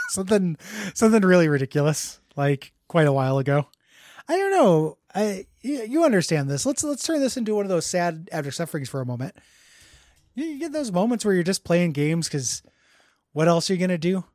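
A man's voice: sits high, big pitch swings, moderate pace, a little mellow, no echo, clean studio sound. A man hosting a podcast in casual chat, rambling and laughing at himself. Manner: rambling, laughing, self-deprecating. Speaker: podcast host.

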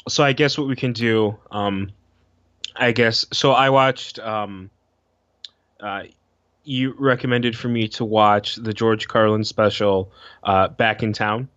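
A man co-hosting a podcast in casual chat, halting and restarting with many fillers. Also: lowish voice, fairly even intonation, fairly bright tone, dry recording. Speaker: podcast co-host. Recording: dull, lo-fi, dry sound.

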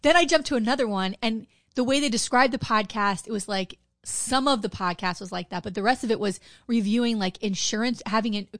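A woman co-hosts a casual podcast, animated and quick to swear as she tells a story. Her voice sits a little high. It is recorded close and dry, with no room sound. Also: no room sound. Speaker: podcast co-host. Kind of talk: casual chat.

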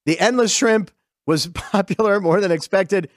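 A middle-aged man from western Pennsylvania hosting a sports show, telling stories over game clips in a chatty, digressive, excited way. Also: sits high, normal speed, dry recording, clean studio sound.

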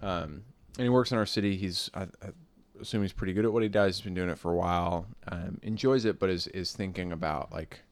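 Casting: young male podcast co-host, lowish voice, loose, chatty, rambling delivery. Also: a little fast, dry recording. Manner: rambling, many fillers and restarts. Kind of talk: casual chat.

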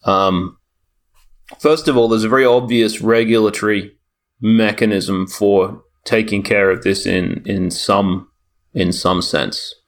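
Man, podcast chat, rambling, sardonic, swears a lot, lowish pitch. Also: steady tone, slow. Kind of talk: casual chat.

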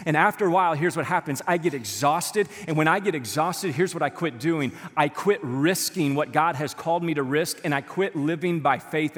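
A man preaching a sermon to his church in an animated, conversational way, acting out quotes as he goes. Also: on the high side. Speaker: pastor. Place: church auditorium. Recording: live church sermon with long hall reverb.

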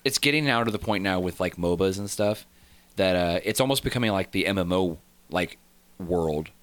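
A man co-hosting a casual gaming podcast, chatty and animated as he tells his anecdotes. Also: low voice, normal speed. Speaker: podcast co-host. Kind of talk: casual chat.

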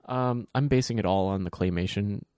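A man's voice: lowish voice, fairly quick, a little mellow, clear, resonant tone, no echo, studio quality. A man co-hosting a podcast, chatting casually with wry humor and throwing in silly voices. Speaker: podcast co-host. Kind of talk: casual chat.

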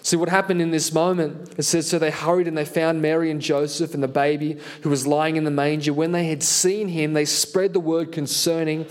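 A man preaching a sermon as pastor, earnest and animated, telling a self-deprecating story. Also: a little high, fairly quick, few pauses.

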